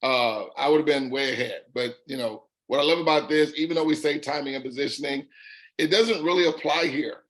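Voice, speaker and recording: A middle-aged man with a raspy voice and a Southern drawl, hosting a call and telling his story in an upbeat, folksy way, repeating words for emphasis. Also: on the high side, brisk, fairly bright tone, poor audio. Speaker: host. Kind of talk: casual call testimony.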